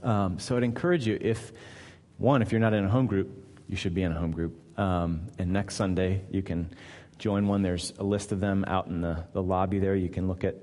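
A pastor preaching a conversational sermon that builds to emphatic repetition. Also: male voice, low voice, fairly even intonation, moderate pace, dark tone. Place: church sanctuary. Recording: long hall reverb.

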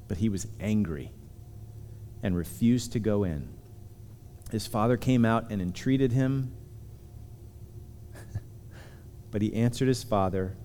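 A man preaching a sermon, earnest and emphatic, slowing down to stress key words. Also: fairly low pitch, warm tone, a little hiss or hum. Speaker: pastor. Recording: long hall reverb.

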